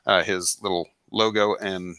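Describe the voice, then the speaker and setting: A man's voice: deep voice, fairly even intonation, measured pace, pushed and bright, smooth, no room sound. A man co-hosting a casual hobby chat, explaining things in an easygoing, plain way. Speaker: co-host.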